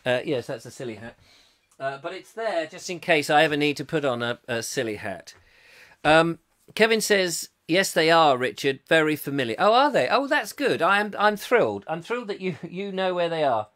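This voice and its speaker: A man's voice: a little high, sing-song, normal speed, a bit bright. A man hosting a comic live chat show, rambling playfully and reading out viewer comments on a live stream from home. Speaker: host. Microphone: webcam, live stream.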